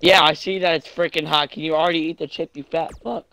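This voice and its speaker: A young man live-streaming a game, loud and crude, mocking what he watches and laughing often. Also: a little high, steady tone, quick pace, dry recording. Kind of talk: casual live-stream commentary.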